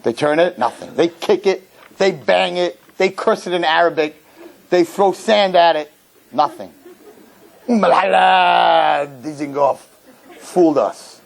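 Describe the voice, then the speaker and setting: A rabbi giving a lecture, telling a funny story and acting out its characters before drawing a lesson. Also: male voice, sits high, moderate pace, creaky, low-quality recording. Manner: animated storyteller, jokes, acts out characters. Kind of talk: humorous sermon lecture.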